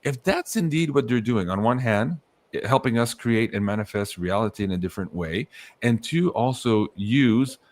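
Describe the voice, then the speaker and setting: Animated man hosting a podcast. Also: mid-range voice, normal speed. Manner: animated storytelling, swears casually, acts out quotes. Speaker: podcast host. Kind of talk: casual podcast chat.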